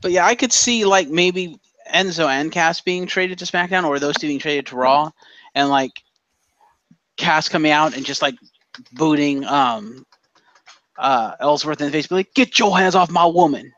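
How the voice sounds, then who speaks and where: High-voiced man joking about wrestling. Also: unhurried, fairly bright tone, lo-fi sound. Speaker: podcast co-host. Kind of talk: casual wrestling chat.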